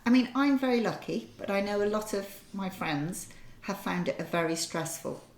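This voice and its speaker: An older woman co-hosting a podcast, chatting in a lively, thoughtful way with pauses. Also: mid-range voice, reverberant, slight background noise, poor audio. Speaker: podcast co-host. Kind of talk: casual chat. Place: kitchen.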